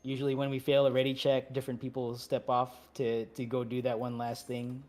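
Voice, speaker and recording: A man's voice: mid-range voice, monotone, fairly quick, darkish tone. A man leading a game raid over voice chat, giving easygoing, chatty instructions with apologetic asides. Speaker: raid leader.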